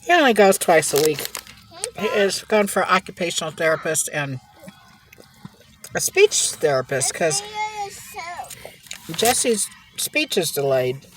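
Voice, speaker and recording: Her voice sits on the low side, with big pitch swings, a slightly slow pace and long pauses, while a crowd murmurs in the background. She's a mukbang vlogger eating in a car, chatting casually through rambling gossip and laughing frequently.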